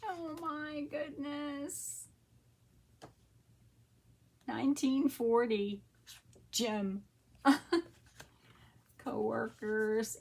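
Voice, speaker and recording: A woman in her sixties hosting a casual craft unboxing, soft-spoken and often hushed, with gasps of delight. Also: medium pitch, creaky, husky. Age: 60s. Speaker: crafter and channel host.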